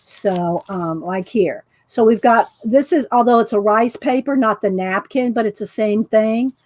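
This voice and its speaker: Woman, craft instructor, live-stream demo, high-pitched, slow and chatty, laughs between phrases. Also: a little mellow. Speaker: art journaling instructor.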